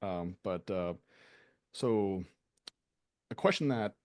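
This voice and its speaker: A man's voice: deep voice, animated, takes it slowly, a little mellow, clean tone. Casual man talking business. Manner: loose and conversational, many likes and ums. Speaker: business owner and show host.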